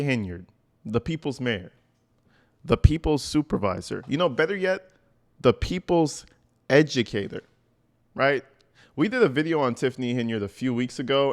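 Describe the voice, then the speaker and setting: A man giving casual video commentary, talking in a slangy, emphatic, animated way. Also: medium pitch. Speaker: commentary YouTuber.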